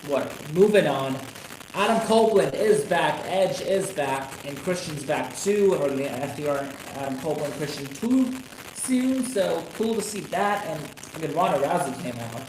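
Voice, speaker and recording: A man ranting on a casual live stream about wrestling, swearing constantly and rambling with sudden excited outbursts. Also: on the high side, normal speed. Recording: echoey room with noisy background.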